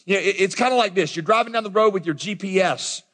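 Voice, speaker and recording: High-voiced preacher in a reverberant hall. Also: male voice, fast. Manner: conversational, animated preaching with asides to the congregation. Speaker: pastor. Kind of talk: sermon. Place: large church auditorium. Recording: long reverb of a large hall.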